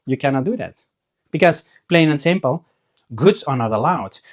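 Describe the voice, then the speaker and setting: A man's voice: fairly high pitch, animated, moderate pace. A man who sells trading cards, talking casually to his viewers in a chatty, storytelling way, often restarting his sentences. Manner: chatty storyteller, acts out quoted voices, frequent restarts. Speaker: trading card seller and video host. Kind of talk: casual talk to camera.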